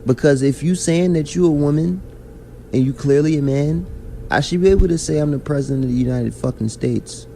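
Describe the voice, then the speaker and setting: Guy going off on a podcast rant, slangy and animated, bit of hiss. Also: fairly high pitch, a little fast, vocal fry. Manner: animated, ranting, heavy slang. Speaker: podcast host. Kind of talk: casual chat.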